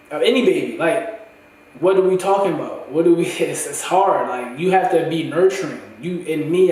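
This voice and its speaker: A young man in a candid, profane, slang-heavy monologue for his vlog, his voice going hoarse. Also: fairly high pitch, a little mellow. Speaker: vlogger. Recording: echoey room, far from the mic.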